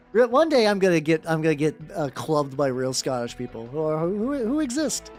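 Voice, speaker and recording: A streamer talking casually over a live game stream, voice bouncing up and down with lots of life. The talk is loose and rambling, broken up by quick hellos to viewers by name. Soft background music plays faintly underneath. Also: medium pitch, huge pitch swings. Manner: chatty, greets viewers by name between rambling anecdotes.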